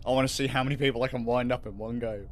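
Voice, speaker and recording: A man's voice: medium pitch, steady tone, racing, slight background noise. A man hosting a livestream in casual, rambling chat, swearing freely and laughing often. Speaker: livestream host.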